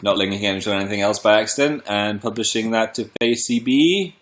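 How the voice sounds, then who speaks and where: A young man hosts a livestream, chatting casually and greeting viewers by name. His voice is lowish and fairly quick, a little congested from a cold, in a reverberant space.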